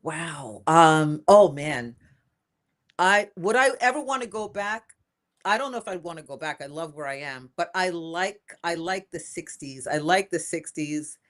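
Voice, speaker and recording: Older woman, low voice, emphatic and animated, casual interview guest. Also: unhurried. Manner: lively, emphatic, repeats phrases for emphasis. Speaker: inventor and guest.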